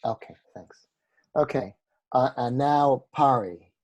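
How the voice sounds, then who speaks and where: A man's voice: medium pitch, normal speed, warm tone, muffled recording. A man with a New York accent leading a video call, calling on people by name in a friendly way. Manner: friendly, calling names one by one. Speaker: meeting facilitator. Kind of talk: casual video call introductions.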